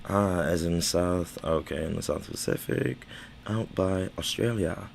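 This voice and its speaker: A man's voice: sits low, fairly even intonation, unhurried, vocal fry, a little hiss or hum. A man with slurred speech rambling casually on a livestream, stammering, repeating words and swearing. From United States. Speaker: livestream host.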